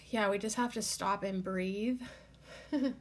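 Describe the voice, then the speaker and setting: A podcast host with a mid-range voice takes it slowly over a little hiss or hum. She rambles casually through her own show, packing in "like" fillers, emotional and tearful as she holds back from crying.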